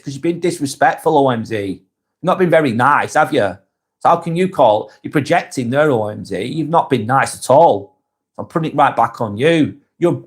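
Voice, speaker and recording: A man with a Lancashire accent hosting a casual live stream. He reads viewers' comments aloud and answers each one by name in a plain, direct way. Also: fairly high pitch. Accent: Lancashire, Northwest England. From Northwest England.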